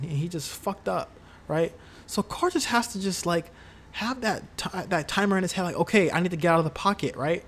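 A man talking casually about his football team, heated and profane, rambling with lots of fillers and repeated words. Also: high-pitched. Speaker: sports fan commentator. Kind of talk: casual solo sports talk.

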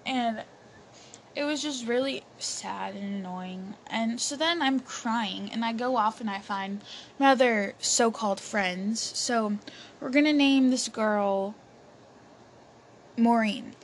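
A woman's voice: a little high, slow pace. A young woman telling a personal story in a chatty way, with many fillers and restarts. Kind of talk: casual storytelling. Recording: faint background noise.

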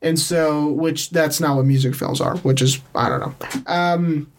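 A podcast co-host chatting casually about movies, joking and quick in her banter. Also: low-pitched. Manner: animated, quick jokey banter with voices for quoted people.

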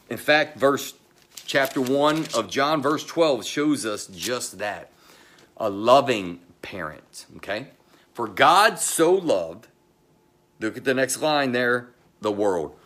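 A middle-aged man, the pastor, delivering a sermon in a slow, emphatic way, pausing often and dropping to a low voice, with chatty asides to the congregation. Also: lively intonation. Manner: slow, emphatic delivery with pauses and sudden drops to a quiet voice.

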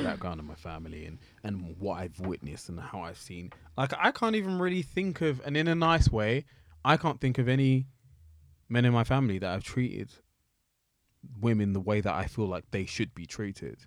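Lowish-voiced man, candid and reflective in casual chat, dry close sound. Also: lively intonation, moderate pace, no echo. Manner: candid, reflective, joking asides.

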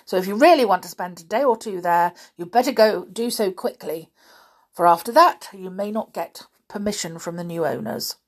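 A woman voicing a stern middle-aged father who talks in a brisk, lecturing way. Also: medium pitch, natural voice.

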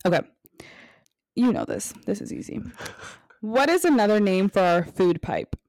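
A woman's voice: medium pitch, lively intonation, moderate pace, a little mellow, no echo. Young female podcast co-host, playful crude banter, dry close mic. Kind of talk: casual chat.

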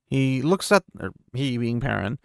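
Chatty and relaxed, this young male podcaster walks through a book chapter, reading some quotes aloud and summarizing characters with "he's like," laughing when he trips up and fixes it. He speaks in a mid-range, sing-song, unhurried way with vocal fry and a slightly mellow, clean tone. The studio sound is clean with no room sound.

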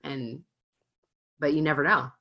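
A woman in her thirties, a mother of young children, chatting casually and telling a family story in an animated, self-mocking way. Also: low-pitched, a little slow, highs cut off. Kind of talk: casual chat.

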